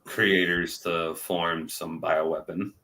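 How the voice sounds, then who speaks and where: A man with a very low voice co-hosting a podcast. His talk is loose and animated, and he laughs easily between his points. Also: slow. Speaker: podcast co-host. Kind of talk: casual chat reviewing a show.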